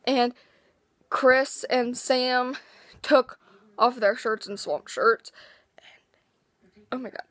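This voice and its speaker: A teenage girl with a hoarse, worn-out voice, excitedly telling a rambling story in a casual vlog. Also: on the high side, no room sound. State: hoarse, lost voice. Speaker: vlogger.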